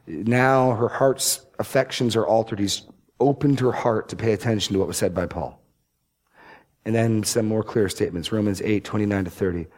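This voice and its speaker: Low-voiced man teaching scripture. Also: a little mellow. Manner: deliberate, emphatic scripture reading. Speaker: Bible teacher. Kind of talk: expository Bible teaching.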